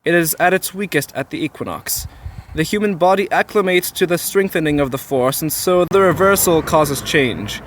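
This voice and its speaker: A man's voice: fairly high pitch, moderate pace, slight background noise. A young man playing a mock expert guest and bantering hesitantly, with frequent laughter. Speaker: interview guest. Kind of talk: mock expert interview and casual chat.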